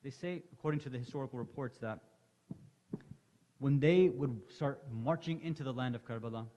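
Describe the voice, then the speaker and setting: In a large hall at an Islamic center, a lecturer with a dark-toned, mid-range voice addresses the congregation at a moderate pace. His Muharram sermon is impassioned, the story building with emotion, and the hall's long reverb is audible.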